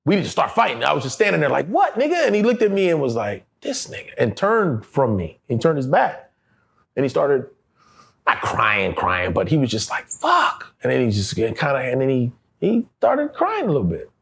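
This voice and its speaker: A middle-aged male actor telling stories in a casual interview, animated and profane, acting out the voices of people he quotes and laughing often. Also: mid-range voice, normal speed, gravelly, breathy edge.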